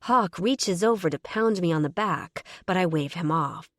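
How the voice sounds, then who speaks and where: A woman narrating a romance audiobook in the first person, with wry, measured storytelling. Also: on the low side, animated, fairly bright tone, dry recording, studio quality.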